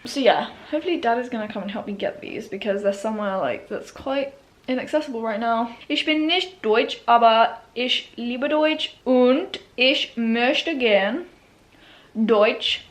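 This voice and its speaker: A young Englishwoman with an English accent, vlogging casually at home and slipping into slow, halting beginner German. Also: a little high. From England. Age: young adult. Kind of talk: casual vlog chat. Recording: roomy, echoey room sound.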